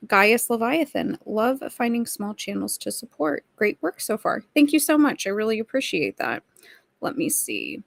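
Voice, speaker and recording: Woman livestream host, gravelly voice, dry close sound, chatty and snarky with the chat. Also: fairly high pitch, no echo. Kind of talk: casual livestream chat reading viewer comments.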